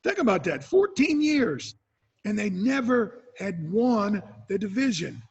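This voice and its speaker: A man's voice: high voice, a little slow, creaky, husky. A retired football player in his sixties, telling stories in an interview and acting out what people said. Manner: animated storyteller, acts out quotes. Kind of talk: storytelling interview answers. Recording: dull lo-fi sound.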